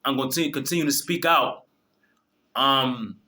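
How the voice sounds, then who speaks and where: Preaching directly to his viewers, a video host pours out an impassioned, profane religious monologue in a bright, forceful voice pitched in a middle range. He takes an unhurried pace but keeps stumbling and restarting as his words pile up.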